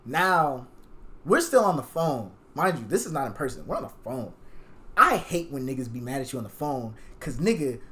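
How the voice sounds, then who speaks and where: Animated young man telling a profane story. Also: mid-range voice, moderate pace. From Jamaican. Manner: animated, profane, acts out quoted lines. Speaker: podcast guest. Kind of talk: casual storytelling chat.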